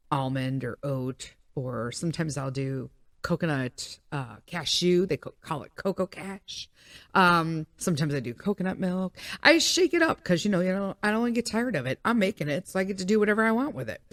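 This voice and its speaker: A woman's voice: sits low, animated, moderate pace, no echo. A middle-aged woman hosting a podcast, talking in a candid, profane and rambling casual monologue. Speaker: podcast host.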